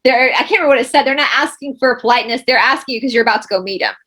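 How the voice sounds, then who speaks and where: A woman in her thirties from Georgia with a Southern accent, telling lively anecdotes in a casual chat. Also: on the high side, very fast. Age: 30s. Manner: animated anecdotes. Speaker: guest.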